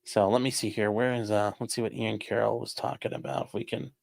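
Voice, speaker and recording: A man's voice: lowish voice, flat delivery, brisk, creaky, a little mellow, dry recording, clean studio sound. A man hosting a livestream, reading viewer donations and giving casual commentary in a sarcastic, rambling way with casual swearing.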